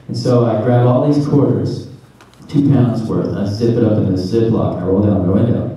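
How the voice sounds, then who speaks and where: A man's voice: fairly low pitch, steady tone, moderate pace, warm tone. A man from the American South in his thirties, animatedly telling a funny story to a convention audience, laughing as he goes. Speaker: convention panel guest. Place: large convention hall. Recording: far, echoey hall with noise.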